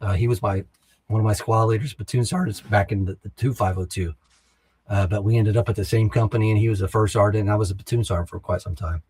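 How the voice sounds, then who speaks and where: Middle-aged male veteran guest, husky and fairly low, blunt and profane storyteller. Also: fairly even intonation, fast talker, a little mellow. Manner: acts out other soldiers' lines in the retelling. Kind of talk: casual storytelling.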